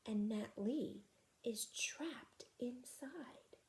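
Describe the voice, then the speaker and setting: Woman doing a quiet, worried boy. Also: high-pitched, expressive, slow, pitched above the performer's own voice.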